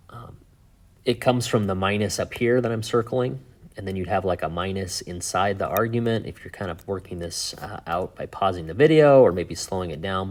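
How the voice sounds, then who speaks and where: A man teaching a math lesson in a relaxed, chatty way, thinking aloud with fillers and asides. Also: low voice, a little hiss or hum. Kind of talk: casual whiteboard lesson.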